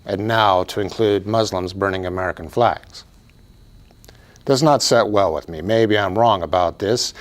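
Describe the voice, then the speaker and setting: A man giving an emphatic, preachy political commentary monologue as a write-in candidate, repeating phrases for effect. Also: on the low side. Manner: emphatic, repetitive, preachy delivery.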